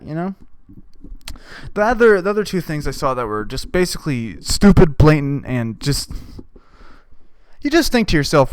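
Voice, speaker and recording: A man's voice: fairly high pitch, sing-song, normal speed, clean tone, no echo. A man hosting a comedy podcast, ranting sarcastically with lots of swearing. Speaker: podcast host.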